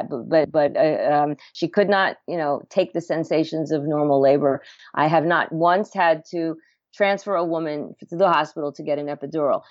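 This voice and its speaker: A woman's voice: low voice, no echo. A middle-aged woman, a home birth midwife, talking earnestly as a podcast guest, often restarting her words and laughing. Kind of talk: podcast interview talk. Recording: dull lo-fi sound, dry.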